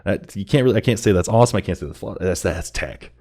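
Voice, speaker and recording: Deep-voiced excitable man reacting to music. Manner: excited, halting, repeats words, rises in pitch when thrilled. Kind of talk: casual reaction commentary.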